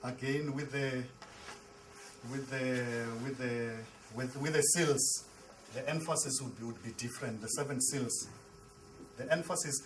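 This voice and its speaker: A man's voice: mid-range voice, a bit bright, slight background noise, rough recording. A man, a pastor, teaching a Bible class. He repeats and restarts words and asks the class questions. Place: classroom with a board.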